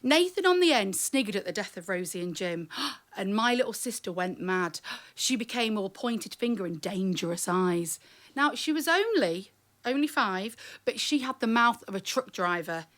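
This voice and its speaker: A woman's voice: mid-range voice, expressive, normal speed, fairly bright tone. A woman performing comic spoken-word storytelling live, wry and chatty, teasing the audience.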